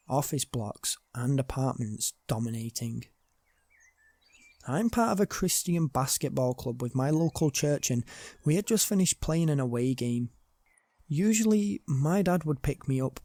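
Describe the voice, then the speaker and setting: A British man reading true horror stories aloud as a narrator, in a slow, hushed way that drops low at tense moments. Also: no room sound. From Britain. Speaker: storyteller.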